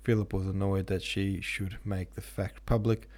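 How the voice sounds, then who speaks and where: A man reading a classic novel aloud as an audiobook narrator, measured and steady. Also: sits low. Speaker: podcast host and audiobook reader.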